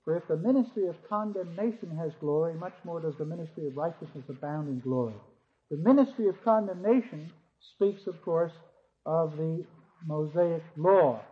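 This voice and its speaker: A man's voice: fairly high pitch, normal speed. A man teaching a theology class, reading scripture aloud and then explaining it point by point, lifting his voice on key words. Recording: muffled lo-fi recording.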